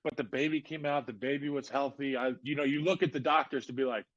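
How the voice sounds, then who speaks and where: A man in his thirties, a podcast guest, telling a personal story in a casual, animated way with lots of fillers. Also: mid-range voice, quick pace, dry recording. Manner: animated, lots of "like" and "you know". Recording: dull lo-fi podcast audio.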